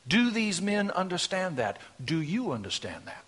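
A man preaching a sermon, shifting between hushed, intimate lines and loud, emphatic declarations. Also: high-pitched, sing-song, normal speed, husky.

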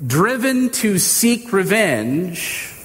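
A male pastor preaches slowly and earnestly, stretching his key words, his voice sitting a little high. A long hall reverb trails each phrase over a faint room hum. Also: sing-song. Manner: earnest, drawn-out emphasis. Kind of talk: sermon.

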